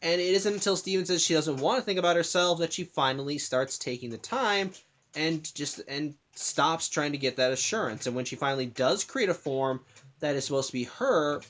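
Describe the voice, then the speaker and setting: A man's voice: a little high, normal speed, a bit bright. A man hosting a casual spoken analysis of a cartoon episode at home, rambling, restarting sentences and apologizing for interruptions. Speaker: host.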